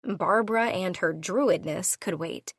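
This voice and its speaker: A woman narrating a first-person audiobook into a studio microphone, playful and expressive in her delivery. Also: fairly low pitch, a little slow, slightly rough, dry recording.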